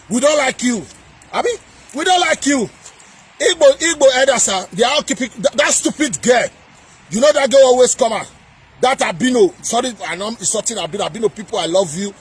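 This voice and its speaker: High, husky Nigerian man shouting. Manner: ranting, repeats phrases and often shouts. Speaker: political commentator. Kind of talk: impassioned political rant to camera.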